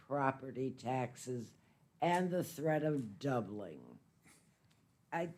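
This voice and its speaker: A man giving a measured, polite public comment at a county meeting. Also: a little high, a little mellow. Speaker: citizen speaking at public comment.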